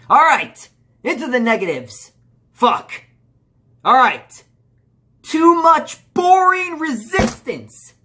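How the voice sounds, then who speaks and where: A man's voice: mid-range voice, a bit bright. A young man doing a casual movie review, rambling through restarts and fillers and swearing as he gets heated. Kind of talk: casual video review rant.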